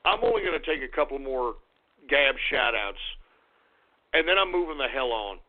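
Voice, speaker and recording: A man hosting a radio show, ranting angrily, swearing and swinging between low grumbling and shouting. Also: lively intonation, takes it slowly, long pauses, a little hiss or hum. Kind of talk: ranting call-in radio talk. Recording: tinny phone-like radio recording.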